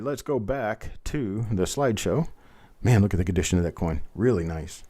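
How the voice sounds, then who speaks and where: A man with a lowish, warm voice hosts a live online coin auction, calling out bids over and over and making friendly asides to the bidders.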